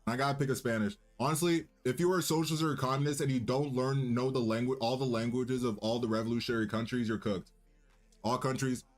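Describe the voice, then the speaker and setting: A man's voice: medium pitch, fairly even intonation, quick pace. A young man hosting his own livestream, chatting loosely and cockily with restarts and fillers. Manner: loose, rambling, cocky banter with restarts. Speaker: livestream host and musician. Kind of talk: casual livestream chat.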